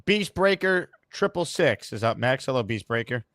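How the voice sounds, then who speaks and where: Male show host, mid-pitched and dry, brisk and upbeat. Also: sing-song, fairly bright tone, dry recording. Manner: quick, upbeat, repeats words. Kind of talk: call-in sports show.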